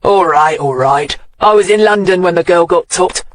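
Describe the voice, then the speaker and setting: A man's voice: high-pitched, moderate pace, lightly acted. A man voicing a sullen, snarling small-time pimp under police questioning in an audiobook. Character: surly small-time male pimp suspect. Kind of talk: audiobook character voice.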